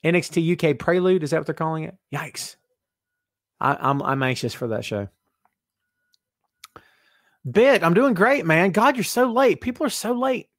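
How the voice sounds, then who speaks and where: Lively, excitable male podcast host. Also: on the high side, moderate pace, long pauses, no echo, studio quality. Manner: excitable, jokey, talks straight to the chat. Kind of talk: casual live-stream chat reading viewer comments.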